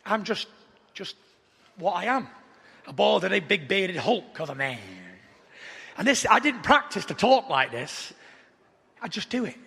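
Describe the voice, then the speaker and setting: A young adult man, a boxer trash-talking at a press conference, boastful and taunting, with a gravelly voice. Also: high-pitched, big pitch swings, measured pace, long pauses, pushed and bright. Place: large packed press conference hall. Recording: echoey large hall.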